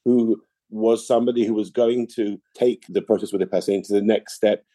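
Dark-voiced man explaining in an interview. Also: lowish voice, fairly even intonation, no room sound. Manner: measured, explanatory, with frequent restarts. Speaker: interview guest, political analyst. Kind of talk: interview answers.

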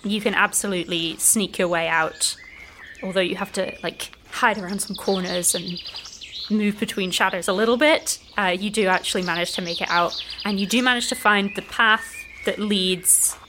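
A woman's voice: medium pitch, normal speed. Woman gm telling a forest walk, easygoing, lots of "like", faint noise under it. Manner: relaxed, descriptive, frequent "like" fillers. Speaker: game master. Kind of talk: narrating a tabletop game.

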